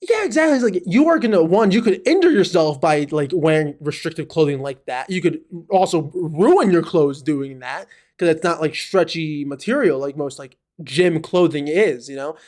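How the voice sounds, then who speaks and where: Male podcast co-host, slightly high, very animated pitch, rambling casual delivery. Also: normal speed, few pauses. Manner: rambling, animated, many fillers. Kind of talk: casual chat.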